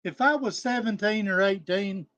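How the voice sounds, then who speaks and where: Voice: medium pitch, normal speed, a bit bright, no echo. A livestream panel host, ranting angrily and scolding with heavy profanity and repetition. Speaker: live stream panel host. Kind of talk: angry livestream rant.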